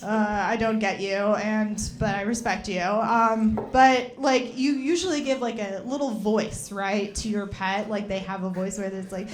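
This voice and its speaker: A woman's voice: medium pitch, steady tone, unhurried, few pauses, slight background noise. A young woman performing a stand-up comedy set, chatty and rambling, with lots of fillers.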